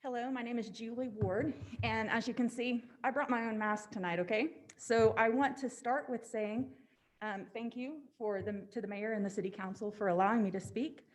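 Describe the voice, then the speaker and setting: A woman's voice: fairly high pitch, fairly even intonation, normal speed. A woman giving a prepared public comment at a city council meeting, firmly stating objections one after another, a little short of breath. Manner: firm, repeated "I am against" statements.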